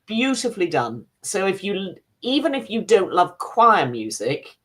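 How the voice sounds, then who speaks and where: A British woman reviewing television on a radio show, talking in a measured, chatty way with frequent fillers. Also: medium pitch, very animated, a bit bright. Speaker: film and TV critic. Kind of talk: casual review chat.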